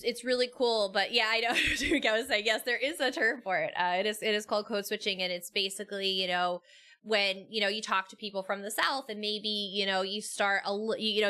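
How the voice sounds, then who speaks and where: A woman's voice: mid-range voice, bright, forceful tone. A woman from New York with a Brooklyn accent, chatting casually as a stream co-host and restarting her sentences often. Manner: chatty, repeats herself and restarts. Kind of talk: casual chat.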